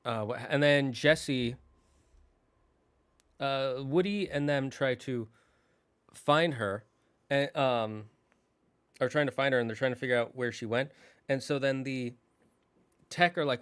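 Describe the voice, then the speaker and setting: A man hosting his channel, casually retelling a movie's story in an animated way, often restarting his sentences. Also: mid-range voice, clean tone. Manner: animated, restarts often, slips into quick character voices. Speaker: channel host.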